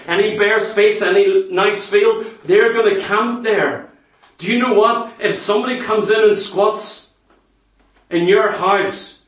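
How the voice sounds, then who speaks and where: A man's voice: sits high, a bit bright. A man preaching a sermon, pressing the congregation with emphatic rhetorical questions. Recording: echoey hall, mic far off.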